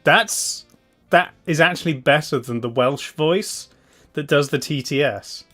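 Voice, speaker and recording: A man's voice: on the high side, unhurried, pushed and bright, soft background music. A man hosting a live stream in a casual, laid-back way. He chuckles often and hums idly between remarks. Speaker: streamer host.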